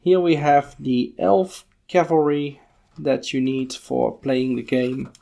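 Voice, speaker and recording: Male podcast host, slow and gravelly, thinking aloud through a book. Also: mid-range voice, little pitch movement, dark tone. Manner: unhurried, musing, thinking aloud with fillers. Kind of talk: casual page-by-page book walkthrough.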